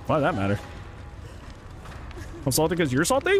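A man's voice: fairly high pitch, sing-song, fairly quick, pauses often, a bit bright. A young man streaming a video game, ranting sarcastically and swearing often in casual commentary.

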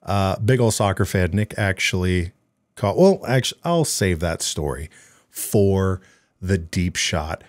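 A man's voice: sits low, a little slow, no echo, studio quality. A man hosting a podcast in casual, rambling chat, cracking jokes and slipping into mock accents. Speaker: podcast host.

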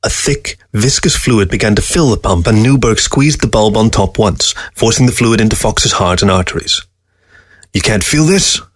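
A man reading a story aloud as narrator, calm and even. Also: on the low side, moderate pace, few pauses, dry recording, studio quality. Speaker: story reader. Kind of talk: audiobook narration.

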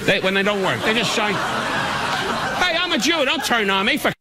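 A man's voice: high-pitched, very animated, normal speed. An older man, an insult comedian, roasting people on stage and on talk shows with brash, mock-outraged jabs. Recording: noisy old TV recording with audience laughter. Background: audience laughter and crowd noise.

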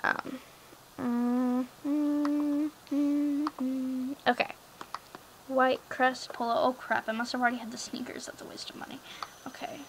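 A teenage girl with a high, light voice talks through her game in a loose, rambling way, filling her sentences with "like" and "um". A faint hiss sits under the recording. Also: level tone, a little fast. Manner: rambling, chatty, lots of fillers and "like". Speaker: gaming vlogger. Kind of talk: casual screen-recorded game chat.

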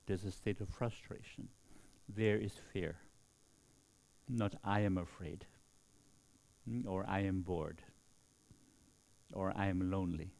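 A middle-aged man, a Buddhist monk, giving a slow dharma talk and often checking in with a questioning "hmm?". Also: low-pitched, darkish tone.

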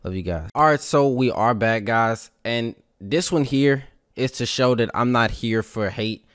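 A young man hosting a live stream in casual, rambling chat, slangy and quick to laugh. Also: medium pitch, fairly bright tone, no echo, studio quality. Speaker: streamer host.

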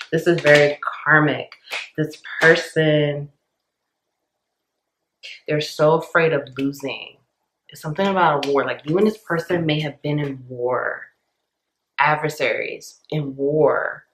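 A woman's voice: deep voice, a bit bright, echoey room, slight background noise, poor audio. A woman giving a casual channeled tarot reading, talking intensely and emphatically, with many restarts and fillers. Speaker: tarot reader.

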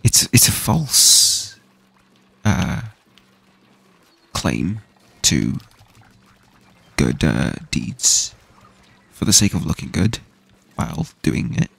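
A man's voice: extremely low pitch, sing-song, very slow, vocal fry, pauses often, fairly bright tone, slightly rough, dry recording. A young man from the UK ranting casually and swearing while playing a game, with frequent restarts. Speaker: gaming streamer. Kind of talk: casual rant while gaming.

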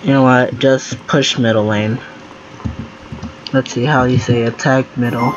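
Male gameplay commentator. Slow, flustered, thinking aloud. Recorded over heavy noise. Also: mid-range voice, steady tone, muffled recording. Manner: thinks aloud, easily flustered, exclaims and groans. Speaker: gaming video creator. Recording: loud noise under the voice.

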